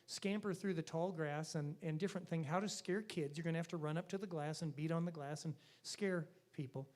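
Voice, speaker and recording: A calm, encouraging lady boss in a told joke, as a man puts her on, speaking in a low, easy tone. She sounds steady and reassuring. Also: fairly quick, natural voice. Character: calm, encouraging woman zoo manager.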